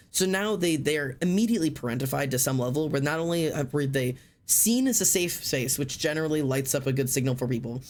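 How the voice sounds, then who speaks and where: Excitable chatty man with a higher voice. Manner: excitable, chatty, repeats words, says like often; swears casually, frank. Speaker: streamer. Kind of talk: casual chat to a live stream audience.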